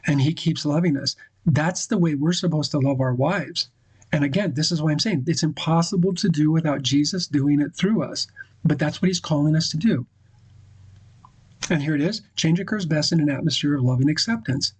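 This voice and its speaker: Husky-voiced man giving earnest devotional advice. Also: fairly high pitch, darkish tone, dry recording, rough recording. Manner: earnest, preacherly, quotes scripture, pauses and restarts. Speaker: host giving marriage advice to husbands. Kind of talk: devotional talk to husbands.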